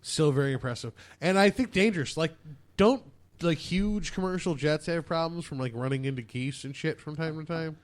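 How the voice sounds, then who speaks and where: A man with a fairly high voice co-hosts a podcast, throwing in jokes and skeptical questions as the talk goes on. His delivery is loose and chatty, and he often breaks in on his partner. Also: moderate pace. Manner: joking, skeptical banter. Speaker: podcast co-host. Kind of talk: casual chat.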